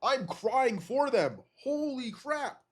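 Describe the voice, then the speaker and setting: A man with a cold, reacting to simulated game results in an excitable, disbelieving way and swearing often. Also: very high voice, slow, breathy edge. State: has a cold. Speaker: gaming video creator.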